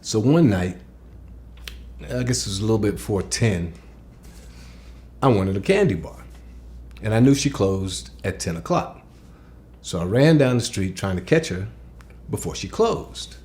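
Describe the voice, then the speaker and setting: A man with a fairly low voice recounts a spooky memory from his childhood. He talks casually, going quiet and slow in the scary moments and louder when he is excited. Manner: conversational, hushed in tense parts, excited when recalling being disbelieved. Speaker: storyteller. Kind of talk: telling a childhood ghost story.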